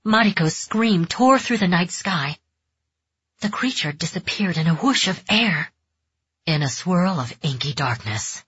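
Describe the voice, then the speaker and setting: A woman narrating a dark fantasy audiobook in measured, tense storytelling. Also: on the low side, lively intonation, husky, no room sound. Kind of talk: scripted narration. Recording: dull, dry close recording.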